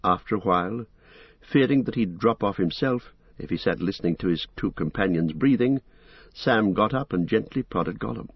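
Male audiobook narrator, deep voice, wide lively pitch, husky, dry dull recording. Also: moderate pace, dry recording. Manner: expressive, dramatic storytelling. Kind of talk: scripted narration.

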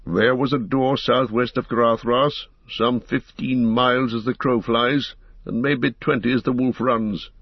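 A man with a husky voice reading the part of a grave, commanding old wizard in an audiobook, speaking in a stern, measured way. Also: lowish voice, dry recording. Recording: dull lo-fi recording.

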